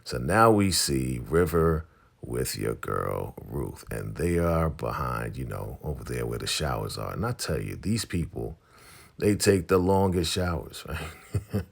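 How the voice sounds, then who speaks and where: Very deep, gravelly man recapping TV. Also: a little slow. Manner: animated, chatty retelling. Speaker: TV recap host. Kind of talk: casual episode recap.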